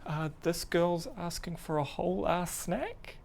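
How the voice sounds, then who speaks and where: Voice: mid-range voice, unhurried, gravelly, darkish tone. A performer playing a flustered, confused shop assistant who hesitates and calls for help.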